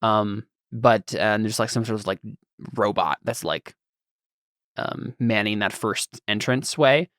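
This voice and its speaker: A man's voice: fairly low pitch, a little slow, a bit bright, no room sound. Rambling male game master, dry sound. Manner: rambling, searching for words as he describes. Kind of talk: narrating a tabletop game.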